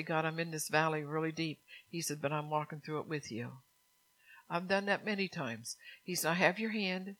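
A woman's voice: on the low side, fairly bright tone, poor audio. A woman preaching a sermon to her congregation, earnest and repetitive, with frequent laughs.

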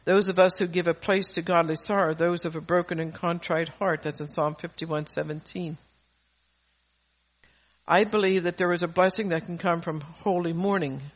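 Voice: medium pitch, steady tone, normal speed. An earnest preacher and parent delivers a sermon, reading long psalm passages aloud. The voice gathers force on the key lines, and phrases often break off and restart. It sounds like real pulpit talk, not a polished reading. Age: adult parent. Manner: stumbles and restarts mid-phrase.

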